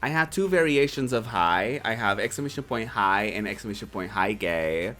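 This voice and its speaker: A streamer in their twenties chatting casually to a live chat, playful and quick to laugh. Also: medium pitch, expressive, fairly bright tone, faint music behind. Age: 20s.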